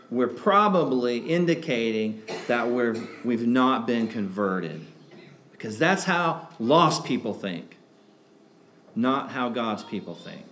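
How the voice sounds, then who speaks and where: A man's voice: medium pitch, a bit bright, slight background noise. A man preaching a sermon in a conversational way, asking rhetorical questions and breaking into emphatic outbursts. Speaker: pastor.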